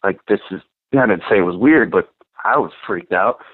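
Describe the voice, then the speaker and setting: A man's voice: fairly low pitch, moderate pace, no room sound. Male podcast storyteller, loose and profane, on a thin phone-like line with a dead-dry sound. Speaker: podcast co-host. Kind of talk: casual storytelling.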